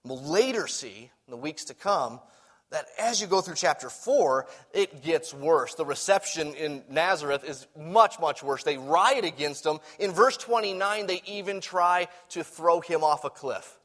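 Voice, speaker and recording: Man, preacher, sermon, high-pitched, animated, loud emphasis and quiet asides. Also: unhurried.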